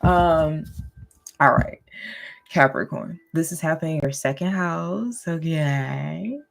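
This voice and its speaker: A woman's voice: sits low, slow pace, vocal fry. A woman giving a casual, goofy tarot and astrology reading, laughing often and checking in with listeners. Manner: addresses listeners directly, checking in with "okay?".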